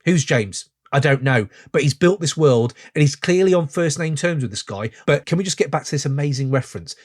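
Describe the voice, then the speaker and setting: A man in his forties hosting a podcast, reviewing a song in an excitable, gushing way full of rambling asides. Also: on the high side, fairly quick, few pauses. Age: 40s. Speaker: podcast host. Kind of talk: casual music review chat.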